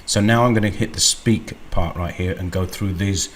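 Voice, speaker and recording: A man hosting a screen-recorded software walkthrough, unhurried and thinking aloud with frequent ums. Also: low voice, slight background noise. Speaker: tutorial host.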